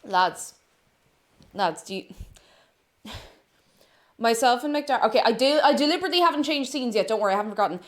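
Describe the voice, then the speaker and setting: An excitable young woman, greeting her chat in a gushing, sing-song way on a live stream. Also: on the high side, fairly quick, pauses often. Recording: music playing behind.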